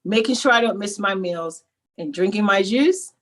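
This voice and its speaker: A woman guest telling her own story in a candid, animated, conversational way. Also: medium pitch, normal speed. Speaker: program client and guest.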